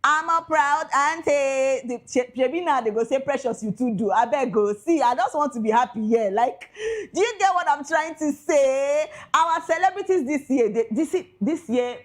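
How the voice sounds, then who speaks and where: Excitable Nigerian woman gossip host. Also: normal speed. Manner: excitable, mixes pidgin with English, big swings in pitch and loudness. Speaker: entertainment news host. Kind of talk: casual celebrity gossip commentary.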